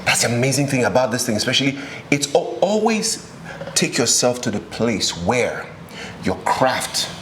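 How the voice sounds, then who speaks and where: A man from Nigeria, an actor being interviewed, telling stories in a relaxed chat and acting out the people he quotes. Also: medium pitch, moderate pace, a little hiss or hum. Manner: animated storyteller, acts out quoted voices.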